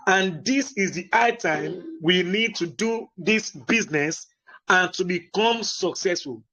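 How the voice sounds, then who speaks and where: A man hosts an online meeting and speaks slowly and deliberately in a fairly high voice. He repeats himself often, keeps asking whether everyone can hear him, and leans on fillers. The sound is dull and lo-fi, like a computer mic on a video call. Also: sharp tone. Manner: slow, deliberate delivery with many fillers. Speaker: host of an online business meeting. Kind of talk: motivational talk on an online call.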